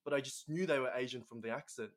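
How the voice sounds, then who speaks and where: A man's voice: medium pitch, quick pace. A young man from Australia with an Australian accent, telling a story as a guest in casual conversation, chatty with many fillers.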